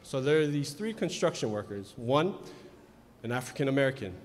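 A man hosts a live pageant from the stage, chatting and spinning a drawn-out joke for the crowd. His voice sits at a middling pitch and carries through a microphone. A long reverb from the big hall trails every phrase. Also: very animated. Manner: chatty, storytelling, loud announcements. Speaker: pageant emcee. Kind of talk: live emcee banter and joke telling. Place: large indoor event hall.

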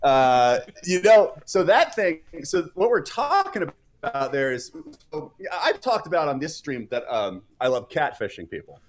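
A man's voice: on the high side, very animated, unhurried. A man hosting a live stream in casual chat, reading out chat comments and rambling with many fillers and restarts.

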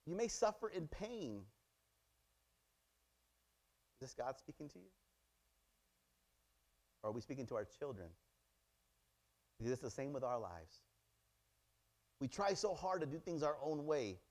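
A male pastor preaching a sermon, acting out little dialogues and swinging between loud exclamations and quiet asides. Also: mid-range voice, moderate pace, pauses often. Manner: animated, acts out dialogues in many voices. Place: church.

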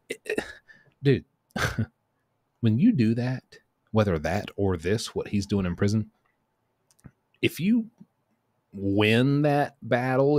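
Brief: streetwise male commentator, low pitch, blunt, dry booth sound. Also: no echo. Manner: blunt, streetwise, animated, many fillers and restarts. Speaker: commentator on prison news. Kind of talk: casual commentary to camera.

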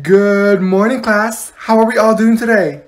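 A man's voice: high-pitched, fairly even intonation, measured pace. A man voicing a stern, fed-up female schoolteacher who snaps at her class. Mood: chirpy. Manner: bossy, snappy.

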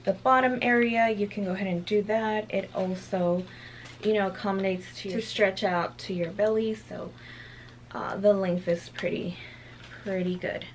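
A young woman vlogging at home, out of breath, chatty and halting with lots of fillers. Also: medium pitch, steady tone, a little hiss or hum, rough recording. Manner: chatty, hesitant with many fillers. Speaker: beauty vlogger. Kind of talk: casual haul video.

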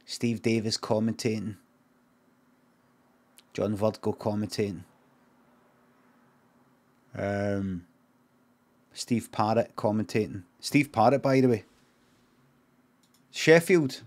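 A middle-aged Scottish man improvising a comic story, rambling and deadpan, swearing freely and drifting off on tangents. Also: lowish voice, slow pace, pauses often. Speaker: streamer.

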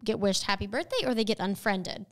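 A woman's voice: medium pitch, expressive, fairly quick. A woman co-hosting a podcast in casual chat with her sister, telling stories with lots of "like" and dramatic gasps. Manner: chatty storyteller, lots of "like" and gasps. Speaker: podcast co-host.

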